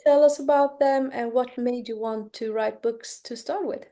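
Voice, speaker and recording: A higher-voiced woman hosting an interview. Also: fairly even intonation, normal speed, dark tone. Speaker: interview host. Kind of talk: casual interview.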